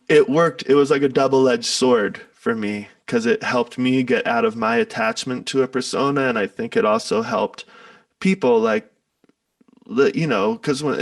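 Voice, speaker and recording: A man, a musician, talking in a relaxed, rambling way, reflecting and telling a parable. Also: medium pitch, gravelly, dry recording, distant mic. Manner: relaxed, rambling, laughs often. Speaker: musician guest. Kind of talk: casual spoken reflection and storytelling.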